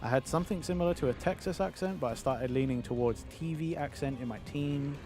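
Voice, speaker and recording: A man's voice: on the high side, brisk, a little mellow, soft background music. Casual chatty male streamer. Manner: chatty, reads viewer messages aloud. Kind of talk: casual livestream chat.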